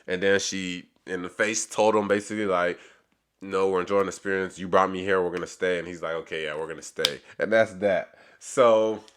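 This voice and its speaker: A man with a low voice that still cuts through crisp and bright. He retells a reality show episode in loose, casual recap talk, stumbling and restarting as he acts out the back-and-forth. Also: steady tone, brisk. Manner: rambling retelling with many restarts and quoted dialogue.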